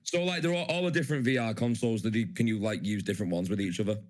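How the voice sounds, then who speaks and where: A young man on a podcast, asking questions and adding quick wry remarks in casual chat. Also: on the low side. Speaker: podcast co-host.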